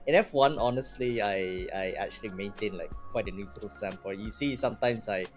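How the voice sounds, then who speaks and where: A man's voice: on the low side, a little fast, soft background music. A young man, chatting casually on a podcast, rambling with lots of fillers and laughs. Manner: rambling, animated, laughs often, filler-heavy. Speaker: guest streamer.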